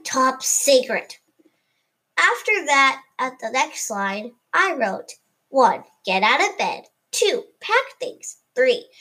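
A woman's voice: high voice, pushed and bright, poor audio. A woman reading a first-person story aloud, stumbling now and then and correcting herself as she goes. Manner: reads unevenly, with stumbles and self-corrections.

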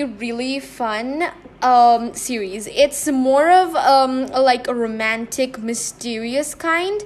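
A young woman speaks in a slightly high voice, hosting her own casual chat show. She rambles, restarts her sentences and leans on ums and likes. She sounds a touch out of breath. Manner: rambling, many fillers and restarts. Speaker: podcast host.

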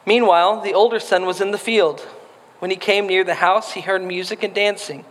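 A man's voice: high voice, steady tone, brisk, fairly bright tone. A man preaching a sermon, reading scripture and then talking casually and playfully, acting out voices in the quotes. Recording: long hall reverb.

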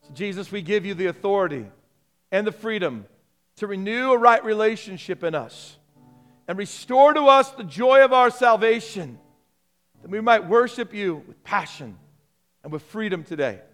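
High-voiced preaching man, passionate. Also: animated, normal speed, faint music behind. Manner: impassioned preaching, dropping soft and low in prayer. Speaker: pastor. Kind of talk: sermon and closing prayer.

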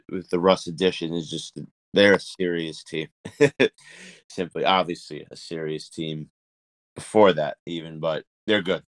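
A man co-hosting a casual sports podcast, talking in an animated way, laughing often and restarting his sentences. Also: very deep voice, no room sound. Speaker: podcast co-host.

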